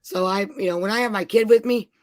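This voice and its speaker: A middle-aged woman tells sprawling travel stories, laced with constant swearing. Her pitch sits mid-range. The sound is dry and close, with no room echo. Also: fast, a little mellow. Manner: profane, rambling storyteller. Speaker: parent telling travel stories. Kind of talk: casual chat.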